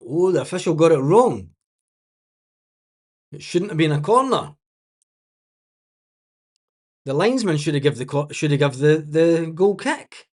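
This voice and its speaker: Guy doing a football watch-along, bit high pitched, blunt and fed up, swears and laughs a lot. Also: expressive, moderate pace, a little mellow. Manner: blunt and exasperated, swears freely, laughs often. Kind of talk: casual live match commentary.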